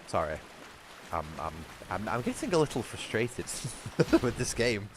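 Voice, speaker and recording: A man's voice: lowish voice, big pitch swings, a little slow, background noise. A man with a Lancashire accent, chatting and swearing while streaming a video game. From England. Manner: sweary, ranting, frustrated. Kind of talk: casual livestream chat.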